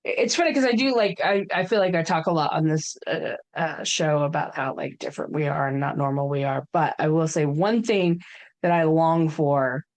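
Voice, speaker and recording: A woman's voice: low voice, moderate pace. A woman in her thirties, a podcast co-host, chatting casually and rambling with many fillers and restarts. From United States. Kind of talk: casual chat.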